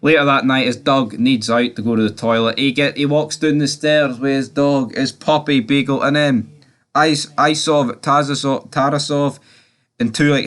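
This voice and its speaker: A man giving a casual movie review, rambling and chatty, swearing now and then and tagging his points with quick questions to the listener. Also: on the low side, a bit bright. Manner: rambling and chatty, swears, tags lines with "right?".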